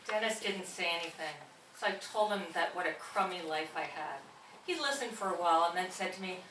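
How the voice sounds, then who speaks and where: A woman reads a memoir aloud in a brisk, dry way, heard from a distance in an echoing room. Faint ambient noise hangs in the background. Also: on the low side, lively intonation, bright, forceful tone. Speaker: co-author reading aloud. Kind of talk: live reading of a memoir. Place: bookstore event space. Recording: distant, echoey live reading.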